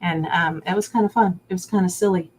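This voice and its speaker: A woman in her forties hosting a casual chat, chatty and quick to laugh, often trailing off softly. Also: on the low side, steady tone, slight background noise. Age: 40s. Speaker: podcast host.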